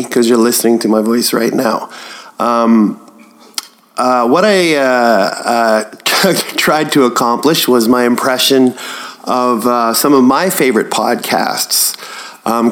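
Slow-talking hesitant male comedian. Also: mid-range voice. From Canada. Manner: hesitant, filler-heavy, friendly. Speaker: comedian podcast host. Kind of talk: casual podcast intro.

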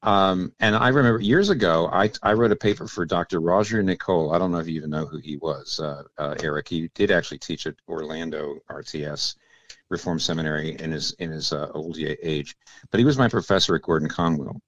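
A man's voice: deep voice, brisk, no room sound, muffled recording. An older man, a guest on a radio show, explaining theological ideas in a thoughtful, searching way with many restarts. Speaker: guest pastor and author.

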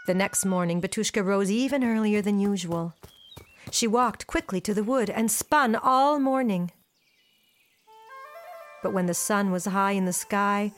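A woman storyteller telling a folktale aloud in an expressive, animated way. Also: medium pitch. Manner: expressive, animated, switches into character voices.

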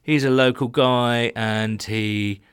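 Recorded at studio quality with no room sound, this podcast co-host speaks slowly in a clear, resonant, medium-pitched voice with fairly even intonation. He co-hosts a laid-back sports chat show from a small home room, wandering through stories and laughing readily.

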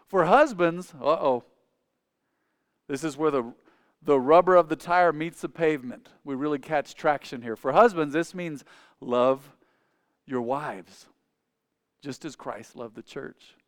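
A man preaching a sermon to a church congregation. He talks conversationally, asks the congregation questions, and swings between loud, emphatic points and quiet asides. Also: fairly high pitch, unhurried, long pauses, no echo, studio quality. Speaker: pastor.

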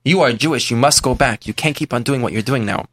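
A man voicing a saintly old rabbi who gives calm, commanding instructions in a dream. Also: mid-range voice, fast talker, dry recording, pitched below the performer's own voice, natural voice. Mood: solemn.

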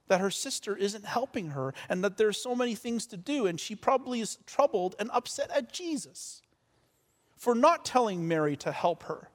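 A man preaching a sermon as pastor, repeating words as he stumbles, swinging between loud and soft passages. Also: sits high. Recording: long reverb of a large church hall.

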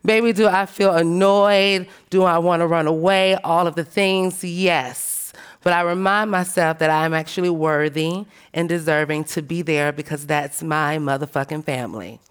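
A woman speaking on a panel, telling animated, emphatic stories in a frank, profane way and calling her listeners "baby". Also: fairly low pitch, normal speed, clean tone. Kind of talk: panel discussion talk.

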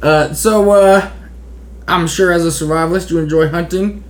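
High-voiced rambling interviewer. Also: male voice, fairly even intonation, normal speed, echoey room. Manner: rambling, stumbling, laughs often. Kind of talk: casual comedic interview. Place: room in Oregon.

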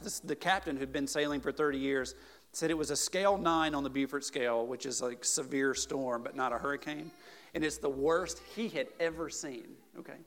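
A man preaching a conversational sermon as a pastor, telling stories animatedly and checking in with the congregation with "right?" and "okay?". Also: fairly high pitch. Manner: chatty, peppers points with "right?" and "okay?"; animated storyteller, builds to emphatic peaks.

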